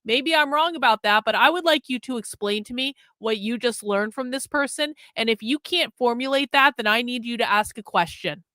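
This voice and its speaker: A woman's voice: fairly high pitch, normal speed, few pauses, sharp tone, no room sound. A woman hosting a livestream, bluntly scolding viewers in the chat with heavy profanity. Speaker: livestream host.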